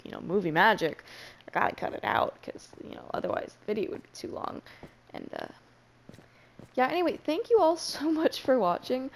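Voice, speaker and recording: A young woman giving casual gameplay commentary in a panicky, self-mocking way, swearing freely. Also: medium pitch. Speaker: Minecraft let's player.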